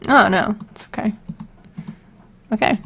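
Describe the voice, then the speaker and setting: A woman talking slowly in a gravelly, creaky voice, half to herself and half to her viewers. She thinks aloud through her work in a loose, unscripted way, answering questions from her chat as they come. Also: mid-range voice, fairly bright tone, faint music behind. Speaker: voicebank creator streaming. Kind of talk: casual live-stream chat, thinking aloud.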